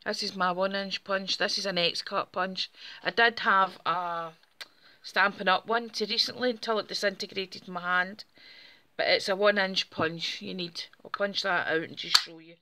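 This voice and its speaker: Woman hosting a craft demo; friendly, chatty delivery with a bright, clear edge. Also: medium pitch, fairly even intonation, normal speed. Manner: chatty, friendly, explaining step by step. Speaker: craft channel host. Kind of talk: casual craft tutorial.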